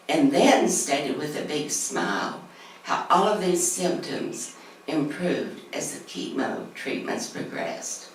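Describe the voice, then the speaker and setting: A middle-aged woman reading a personal story aloud in a church class, earnest and measured. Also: low-pitched. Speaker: class speaker. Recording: echoey room from far off, faint hiss.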